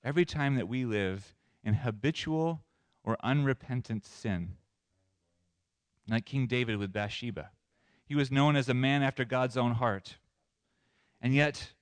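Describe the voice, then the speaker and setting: A man pastor preaching a sermon in an animated way, moving between loud emphasis and soft asides. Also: mid-range voice, moderate pace, no echo.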